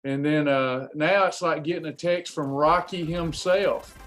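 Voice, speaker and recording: Man, live-stream host, upbeat folksy chat, fairly high voice, faint music underneath. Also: fairly even intonation, a little slow, a bit bright. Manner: upbeat, greets viewers by name, folksy. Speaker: weight loss coach hosting a live stream. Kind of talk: casual live-stream chat greeting viewers.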